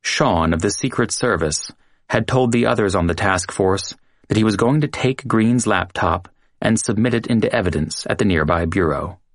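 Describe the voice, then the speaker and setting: Man, audiobook narrator, low voice, measured dramatic reading, dry close sound. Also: dry recording. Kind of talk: scripted true-crime narration.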